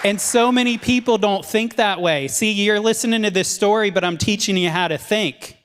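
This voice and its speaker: A man with a notably high voice tells a training story with animated energy, laughing between anecdotes. His voice rings out with a long reverb trailing behind it. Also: moderate pace, a faint crowd, slight background noise. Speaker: team leader giving a training talk. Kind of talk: motivational storytelling.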